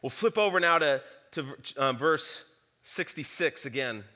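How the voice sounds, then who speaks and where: A man's voice: on the high side, animated, measured pace, pushed and bright. A man preaching a sermon, earnestly teaching through a scripture passage and reading verses aloud. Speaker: pastor.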